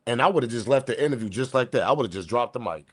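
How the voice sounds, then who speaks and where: A man hosting a live stream, talking in a casual, rambling and slangy way, reacting to a video and shouting out viewers. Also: medium pitch, lively intonation, rapid-fire, husky, no room sound, clean studio sound. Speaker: host.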